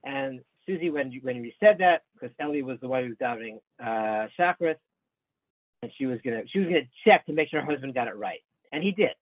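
A man teaching a small class over a video call, his voice thin and phone-like with no room sound around it. He explains step by step at a middling pitch, often breaking off and restarting mid-sentence. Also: animated, fairly quick, dry recording. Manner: patient explaining, many restarts, addresses students by name. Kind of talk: online study class, explaining Hebrew texts. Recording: narrow phone-like sound, dry.

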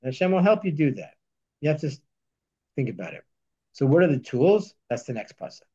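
A man teaching a text study lesson, reading Hebrew verses slowly and then explaining them. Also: fairly high pitch, very animated, mellow, slightly rough, dull audio. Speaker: Torah teacher.

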